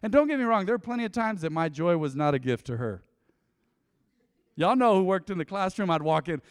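A man preaching a sermon, telling stories and asking his congregation questions in an animated way. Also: high voice, a little fast, clear, resonant tone, studio quality. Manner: animated storytelling, lively asides to congregation. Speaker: pastor. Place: church sanctuary. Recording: long reverb in a hall.

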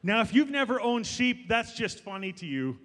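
A middle-aged man preaching a sermon as pastor, jokey and lively, talking straight to the congregation. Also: very high-pitched, normal speed. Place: church. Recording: long church hall reverb.

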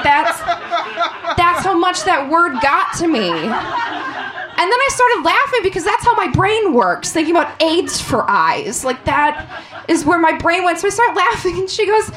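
A woman in her thirties working a comedy club stage, brash and loud, often breaking into shouts. Her voice sits high. The live recording carries clear room noise behind her. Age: 30s. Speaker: stand-up comedian. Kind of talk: stand-up comedy set. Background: crowd laughter and room noise.

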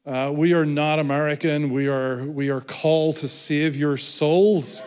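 A man's voice: on the high side, steady tone, measured pace, smooth. A man from Ireland with an Irish accent, preaching a sermon as a guest speaker in a chatty, self-deprecating, joking way. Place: large church hall. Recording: long hall reverb.

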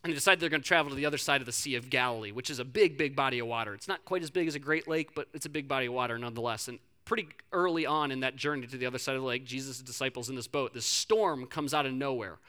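A male pastor preaching a sermon to a live congregation, telling a story in an animated, conversational way and often repeating words. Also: mid-range voice, rapid-fire, few pauses.

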